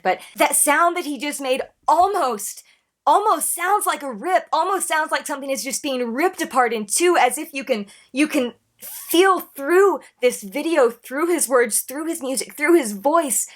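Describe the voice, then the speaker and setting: Earnest woman in her thirties, slightly high. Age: 30s. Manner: earnest, emotional, trailing restarts. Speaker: reaction video host. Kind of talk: casual reaction commentary.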